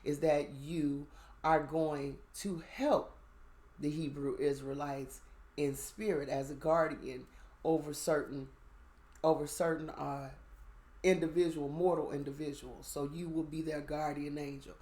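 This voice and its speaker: A storyteller voicing Moses as a soft-spoken leader who talks in casual slang. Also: mid-range voice, fairly even intonation, a little slow, close to an everyday voice. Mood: instructing. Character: apologetic, commanding Moses giving orders. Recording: echoey room.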